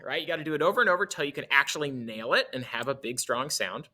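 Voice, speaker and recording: Male music teacher, casual and self-correcting, forceful bright tone with a lively, swinging pitch. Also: fast talker. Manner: casual, self-correcting, demonstrates on his instrument. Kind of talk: instrument lesson explaining articulation.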